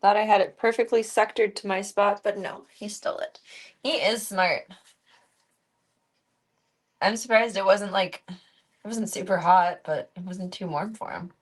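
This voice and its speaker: A woman streamer chatting casually, rambling from one thought to the next. She slips into cooing baby talk whenever she speaks to her cats. Her voice sits at a middle pitch. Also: steady tone, unhurried, pauses often. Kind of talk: casual live-stream chat.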